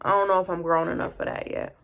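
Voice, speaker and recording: A woman vlogger reading an online post aloud and reacting with animated, profane outbursts while doing her makeup. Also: on the low side, fast, creaky, a little hiss or hum. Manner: animated, swearing, loud outbursts and exclamations.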